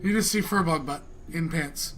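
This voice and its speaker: A man narrating a tabletop game as game master, animated and often laughing as he describes the action. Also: on the high side, moderate pace, a crowd in the background.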